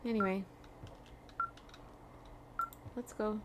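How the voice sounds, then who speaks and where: A young woman hosts a let's play, chatting casually and thinking aloud as she plays. Her voice sits in a middle pitch. Clicks and steady noise run behind her. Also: fast. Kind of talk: casual gameplay commentary.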